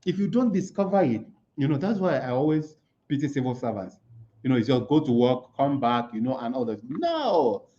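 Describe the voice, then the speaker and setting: A man's voice: medium pitch, sing-song, normal speed, dark tone. A man giving a motivational talk, asking himself rhetorical questions and repeating key words for emphasis. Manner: asks rhetorical questions and answers them himself. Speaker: motivational speaker at an online conference. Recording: slightly muffled lo-fi sound.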